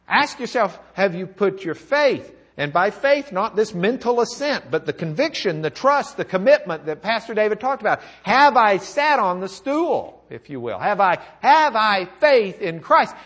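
A man's voice: sits high, fairly bright tone, slightly rough. A man preaching a sermon, reading scripture aloud with rising feeling and talking to his listeners. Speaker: pastor. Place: church or classroom with a document camera.

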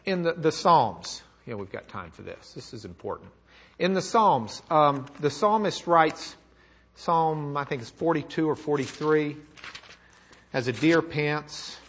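A man with a fairly high, husky voice preaches a sermon. His pitch swings widely as he reads scripture aloud and pleads with his listeners. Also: animated, measured pace, a bit bright. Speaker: pastor. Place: church or classroom with a document camera.

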